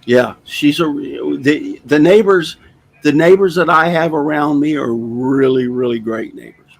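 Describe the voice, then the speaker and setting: Gravelly older man telling a folksy story. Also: mid-range voice, steady tone, moderate pace, low-quality recording. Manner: folksy, rambling, plainspoken storyteller. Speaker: host. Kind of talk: casual storytelling chat.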